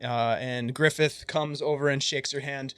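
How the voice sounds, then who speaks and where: A man's voice: mid-range voice, steady tone, unhurried, a bit bright, smooth, dry recording, clean studio sound, soft background music. A man narrating a tabletop game as game master, loose and chatty. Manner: loose and chatty, with frequent filler.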